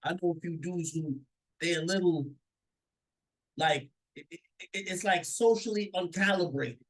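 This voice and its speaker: Husky man giving opinionated commentary. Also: on the high side, measured pace, poor audio. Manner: opinionated, stammers and repeats words. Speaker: reaction commentator. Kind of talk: casual reaction commentary.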